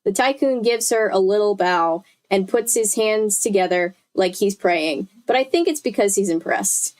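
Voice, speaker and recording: A chatty young woman streamer reads a book aloud in a casual live session, correcting herself and making asides to her chat. Her mid-range voice has a darkish tone and a moderate pace.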